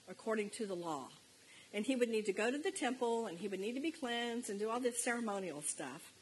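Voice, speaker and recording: A woman's voice: a little high, a bit bright, slight background noise, poor audio. A middle-aged woman giving a conversational sermon in church, speaking earnestly and plainly and reading scripture aloud. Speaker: preacher. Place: church service.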